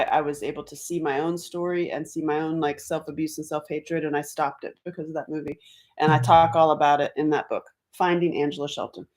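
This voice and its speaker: A woman chatting on a casual livestream, laughing often, greeting viewers by name and jumping from topic to topic. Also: low-pitched. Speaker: livestream host.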